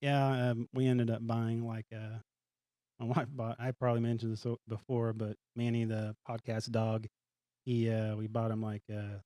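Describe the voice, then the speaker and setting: A man's voice: mid-range voice, level tone, normal speed, mellow, no room sound. A man co-hosting a podcast, easygoing and enthusiastic in casual chat. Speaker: podcast co-host.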